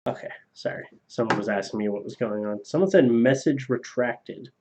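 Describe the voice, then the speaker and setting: A man's voice: on the low side, animated, quick pace, warm tone. A man on a casual live stream reading viewer donations aloud, loose and profane, laughing at his own jokes. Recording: slightly dull lo-fi stream audio.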